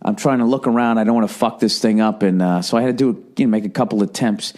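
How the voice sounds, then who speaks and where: A man's voice: on the low side, fairly even intonation, fast talker, darkish tone. A middle-aged man hosting a podcast, telling stories in a casual, profane, rambling monologue with acted-out quotes. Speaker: podcast host.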